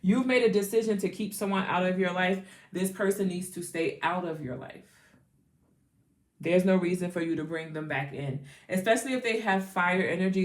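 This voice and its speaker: A woman giving a casual, chatty tarot reading, repeating phrases and laughing often. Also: lowish voice. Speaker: tarot reader.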